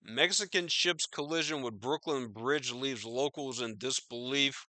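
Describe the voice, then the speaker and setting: A man's voice: mid-range voice, unhurried, pushed and bright, dry recording. A man hosting a podcast, riffing on news in a profane, rambling, incredulous way. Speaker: podcast host. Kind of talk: casual news commentary.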